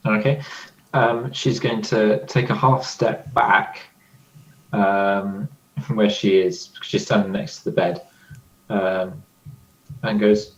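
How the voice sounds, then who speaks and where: A man playing a tabletop role-playing game, talking in a lively, chuckling way. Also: lowish voice, takes it slowly, long pauses. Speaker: player. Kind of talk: tabletop game play over a call. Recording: echoey dull-sounding room.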